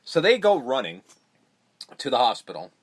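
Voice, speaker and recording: A man co-hosting a casual film podcast, retelling scenes with quick impressions of the characters, swearing and laughing. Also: medium pitch, huge pitch swings. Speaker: podcast co-host. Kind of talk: casual movie recap chat.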